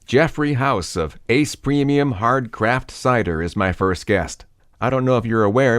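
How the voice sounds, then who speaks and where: A man hosting a podcast, narrating scripted introductions in a measured way and asking interview questions. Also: on the low side, no room sound, clean studio sound. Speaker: podcast host.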